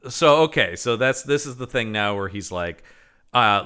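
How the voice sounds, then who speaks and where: Bright, lively man chatting about movies. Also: fairly low pitch, normal speed, clear, resonant tone. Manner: animated, acts out quoted lines from movies. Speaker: podcast co-host. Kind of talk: casual movie commentary chat.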